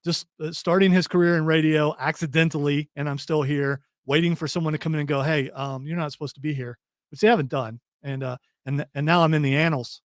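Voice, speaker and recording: High-voiced guy hosting a radio show, joking around with his cohost, dry close studio mic. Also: fairly even intonation, dry recording. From Columbus, Ohio. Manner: joking, quick back-and-forth. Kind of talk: casual radio banter.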